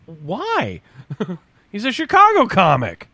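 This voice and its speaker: Playful man with lively pitch. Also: fairly quick, dry recording. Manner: playful, teasing, giggly. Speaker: podcast co-host. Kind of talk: casual chat.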